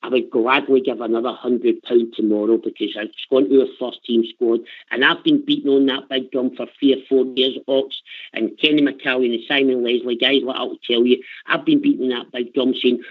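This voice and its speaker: A man's voice: mid-range voice, steady tone, moderate pace. An older man with a Scottish accent phones in to a radio show, pouring out emotional passion and circling back on his words. His voice comes through a thin, tinny phone line. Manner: passionate, emotional, repeats himself. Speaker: caller. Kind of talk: phone-in chat.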